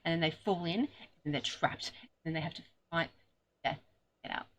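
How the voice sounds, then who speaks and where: A woman's voice: deep voice, fairly quick, slight background noise. Rambling Australian woman joking around. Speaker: podcast co-host. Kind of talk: casual comedic chat.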